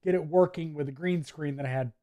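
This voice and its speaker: A man's voice: a little high, quick pace, mellow, dry recording, lo-fi sound. A man with a mixed Midwest and Southern US accent hosts a casual live chat, reading viewer comments in a chatty, laid-back way and laughing often. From US Midwest, Wisconsin. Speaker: livestream host. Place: home office.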